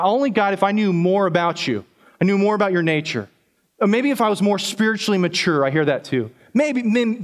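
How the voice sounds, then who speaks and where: Male pastor, sermon, casual and direct, repeats himself, somewhat high voice. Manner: conversational, repeats words, addresses congregation directly.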